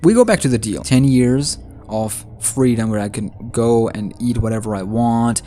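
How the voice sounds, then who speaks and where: A man casually recapping a horror book's story for viewers, excitable and slangy, talking straight to his audience. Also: mid-range voice, normal speed, slight background noise. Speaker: YouTuber retelling a game's book story.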